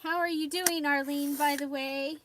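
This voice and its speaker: A woman's voice: high voice, fairly even intonation, moderate pace, noisy background. A woman hosting a casual live stream from her craft desk, chatting with viewers, greeting them by name and laughing often. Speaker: livestream host.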